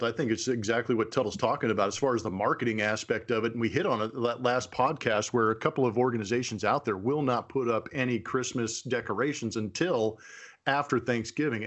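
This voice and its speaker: Man in his forties, podcast co-host, mid-pitched, earnest and plain-spoken. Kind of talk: casual podcast chat.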